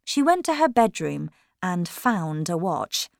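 Measured woman reading a story aloud. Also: fairly low pitch, creaky, no echo, studio quality. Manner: measured and expressive. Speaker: narrator. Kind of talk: audiobook reading.

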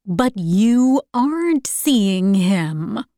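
A woman's voice: mid-range voice, lively intonation, extremely slow, mellow, no room sound, studio quality. A woman voicing a fussy, meddling middle-aged aunt with a reproachful manner.

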